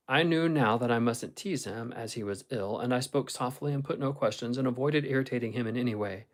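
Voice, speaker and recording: Male audiobook reader, steady and measured, for a classic novel. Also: medium pitch, poor audio.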